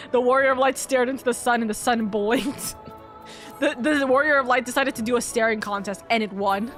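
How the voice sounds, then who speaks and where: Giggly high-voiced woman streamer. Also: normal speed. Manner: giggly, laughs constantly, swears casually. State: stuffed nose. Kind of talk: casual game-stream chat. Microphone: streaming mic. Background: faint game music.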